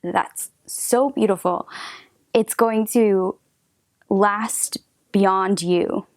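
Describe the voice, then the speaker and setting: A woman giving a gentle tarot reading, talking softly with hesitant restarts and frequent drops into a whisper. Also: medium pitch, drawn-out words, no echo, studio quality. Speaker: tarot reader.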